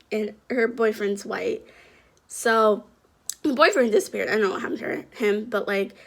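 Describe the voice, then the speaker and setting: A young woman vlogger telling a story in a chatty, animated way, full of slang and fillers. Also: fairly high pitch, gravelly. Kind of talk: casual storytelling to camera.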